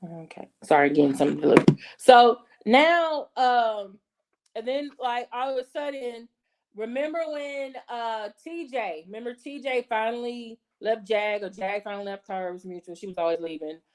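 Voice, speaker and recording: A woman with a slightly high voice gives casual commentary on her channel. She talks emphatically, keeps checking in with her listeners, and acts out the voices she quotes. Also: moderate pace. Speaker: channel host.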